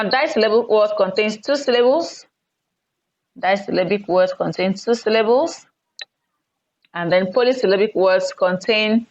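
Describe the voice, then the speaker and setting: A woman teaching an online lesson. She speaks deliberately and repeats words for emphasis. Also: medium pitch, a little mellow. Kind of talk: recorded online English lesson. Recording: dull lo-fi recording.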